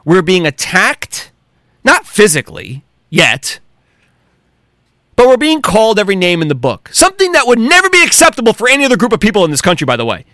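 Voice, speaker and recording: A man hosting a podcast, delivering an angry, profanity-laden solo rant with heated shouting outbursts. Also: sits high, huge pitch swings, fairly quick, dry recording, studio quality. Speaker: podcast host.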